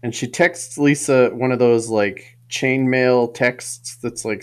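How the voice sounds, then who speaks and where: A man's voice: mid-range voice, slow, clear, resonant tone. A man co-hosting a casual podcast, telling a family anecdote and laughing as he goes. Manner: storytelling, laughing through his own anecdote. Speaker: podcast co-host.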